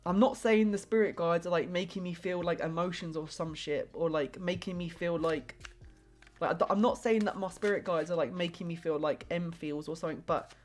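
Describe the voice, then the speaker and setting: A woman's voice: fairly low pitch, a little fast, soft background music. A young woman live-streaming a tarot reading in casual chat, rambling and hesitant with many filler words.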